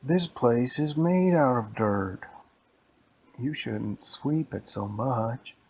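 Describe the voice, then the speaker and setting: A man doing a slow, stern teacher. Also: mid-range voice, creaky, darkish tone, a little hiss or hum. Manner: slow, deliberate drawl.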